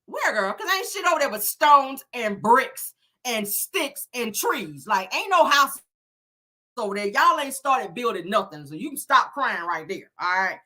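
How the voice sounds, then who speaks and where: A woman's voice: on the high side, lively intonation, unhurried, pushed and bright. Sassy, blunt woman reviewer. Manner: sassy, blunt, cussing, slangy. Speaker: reality show reviewer. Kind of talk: casual commentary recap.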